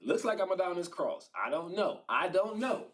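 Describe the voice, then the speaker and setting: A man's voice: high voice, big pitch swings, brisk, a bit bright, far from the mic, pitched above the performer's own voice. A man voicing Jesus in a casual retelling, a stressed but surrendering adult man who talks in loose slang. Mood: pleading, resigned.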